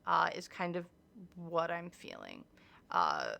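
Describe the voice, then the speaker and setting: A woman talks through a tarot reading in a casual, chatty way, hedging her opinions and restarting sentences often. Her voice is bright and forceful, with a gravelly fry at the bottom. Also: on the low side, huge pitch swings, takes it slowly. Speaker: tarot reader.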